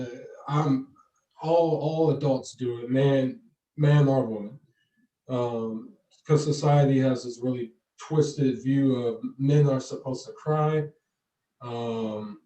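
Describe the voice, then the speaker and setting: A young man, the guest's son, talking in a halting way with many fillers. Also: medium pitch, mellow, muffled recording. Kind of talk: casual chat. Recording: roomy, distant from the mic.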